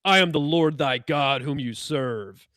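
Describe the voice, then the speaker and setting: A man's voice: a little high, fairly bright tone, no room sound, clean studio sound. A man voicing a cold, pompous, threatening male god that speaks from far above. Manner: slow, haughty, threatening.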